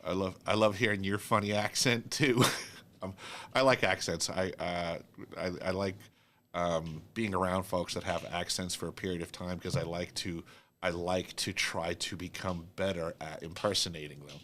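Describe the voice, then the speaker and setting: A man's voice: sits low, fairly even intonation, normal speed, pushed and bright, slight background noise. A man from New York hosting a casual chat, telling rambling stories with lots of fillers and easy laughter. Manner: rambling storyteller, laughs easily, many fillers. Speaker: host.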